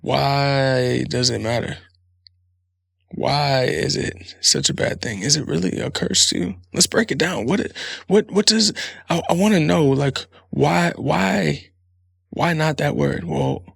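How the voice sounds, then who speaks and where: A man's voice: medium pitch, vocal fry, fairly bright tone, breathy edge, no room sound. A man hosting a podcast in a casual comedic monologue, rambling and swearing freely, laughing often. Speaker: podcast host.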